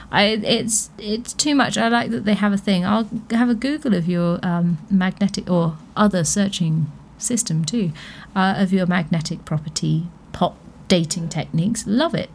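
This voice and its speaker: A woman's voice: mid-range voice, moderate pace, vocal fry, slight background noise. A woman hosting a radio show, chatting casually with frequent laughs and thinking aloud. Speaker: radio host.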